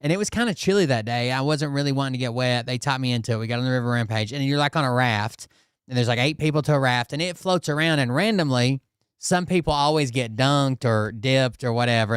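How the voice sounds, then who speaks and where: A man hosting a casual talk show, telling a story in a profane, animated, exasperated way. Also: mid-range voice, clean tone, no echo, clean studio sound. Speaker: host.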